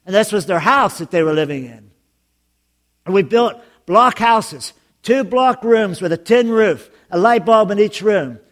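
A man preaching a sermon as pastor, telling jokes and stories in an animated way. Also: sits high, a little slow. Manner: joking, animated storytelling with laughs.

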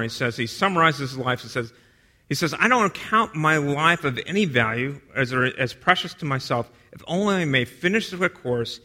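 Bright-voiced man preaching a sermon. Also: medium pitch. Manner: dynamic, drops to a hush for quoted lines.

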